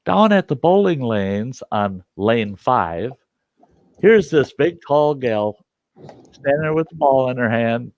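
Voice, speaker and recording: A man's voice: mid-range voice, slow, dry recording. Folksy man telling a salty yarn. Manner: folksy, animated, salty language. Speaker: storyteller host. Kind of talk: casual spoken storytelling. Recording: dull dry lo-fi recording.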